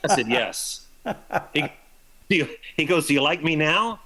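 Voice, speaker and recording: An older man spins baseball stories as a guest on a broadcast talk show, slipping into the voices of the people he quotes. His voice is bright and forceful and sits a little high for a man. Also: normal speed, poor audio. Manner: animated anecdotes, acts out quoted lines. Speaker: guest, former baseball player. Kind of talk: storytelling in a broadcast interview.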